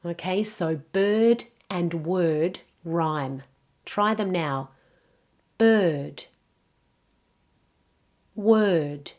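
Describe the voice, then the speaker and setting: A woman teaching English pronunciation, saying each word slowly and carefully for learners to repeat. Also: fairly low pitch, darkish tone. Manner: slow, careful modelling of words. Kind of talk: pronunciation lesson.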